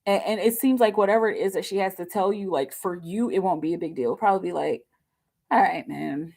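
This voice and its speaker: Giggly animated woman reading tarot. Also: mid-range voice, quick pace. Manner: giggly and animated, lots of fillers. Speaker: tarot reader. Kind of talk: casual live tarot reading.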